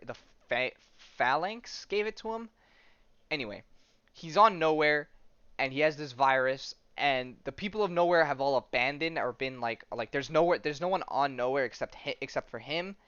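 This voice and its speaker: This man's podcast talk is loose and rambling, packed with fillers and false starts. His mid-range voice is smooth and slightly bright, captured with no room sound on a dull, dry recording.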